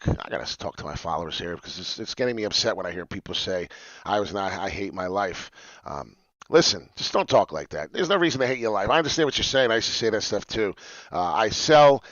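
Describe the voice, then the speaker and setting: A man streaming live to his followers, excitedly walking them through crypto price charts in casual talk. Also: lowish voice, dry recording. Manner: excitable, talks straight to followers. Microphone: webcam mic, seen on stream. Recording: dull lo-fi dry stream audio.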